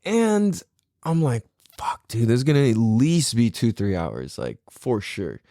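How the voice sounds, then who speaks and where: Animated, laughing man telling a story. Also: mid-range voice, slow pace, no room sound, clean studio sound. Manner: animated, profane, laughing often, acts out his own thoughts. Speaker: podcast host. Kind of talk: casual storytelling monologue.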